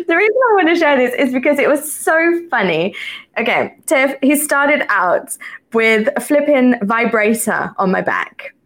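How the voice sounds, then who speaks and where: A woman's voice: high-pitched, measured pace. Giggly woman podcast host. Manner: giggly, animated storyteller. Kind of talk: casual interview chat.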